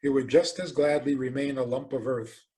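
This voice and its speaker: A rabbi giving a lecture, telling stories animatedly and asking rhetorical questions. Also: male voice, medium pitch, normal speed. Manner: animated storytelling, acts out quoted voices.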